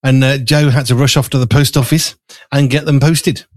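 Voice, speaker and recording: In a small studio, a man hosts a live chat show, rambling with fillers as he eats and sounding slightly out of breath. His mid-range voice is steady at a normal pace, and the recording is dry.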